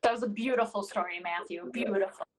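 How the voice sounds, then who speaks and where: A woman improviser retelling a story in an animated, playful way over a video call. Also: medium pitch, fairly quick, heavy background noise.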